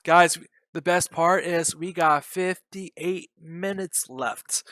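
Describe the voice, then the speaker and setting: A young man giving loud, joking live commentary on his day trades, bantering and swearing with his chat. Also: on the high side, fairly even intonation, slow, dry recording. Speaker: day trading streamer.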